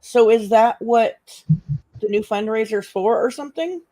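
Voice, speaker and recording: A woman's voice: fairly high pitch, moderate pace, mellow, a little hiss or hum. A woman chatting as a panel guest on a livestream, teasing and laughing often, sometimes trailing off mid-thought. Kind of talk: casual chat.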